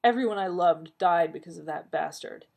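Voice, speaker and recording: A woman's voice: lowish voice, normal speed, vocal fry, a little mellow. A woman reading aloud, voicing a grim, tall warrior man who speaks in terse, brooding lines.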